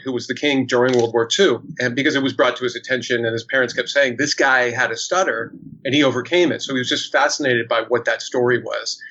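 A man's voice: medium pitch, fairly bright tone. A man, an actor, telling a story in casual chat, with many fillers and restarts. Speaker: actor guest. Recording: dull lo-fi sound.

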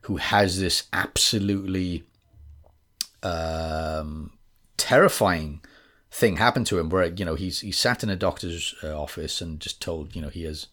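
A man's voice: low voice, a little slow, bright, forceful tone. A man from Wales with a West Welsh accent, chatting as a podcast guest, rambling and hedging with lots of fillers. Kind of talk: casual podcast conversation.

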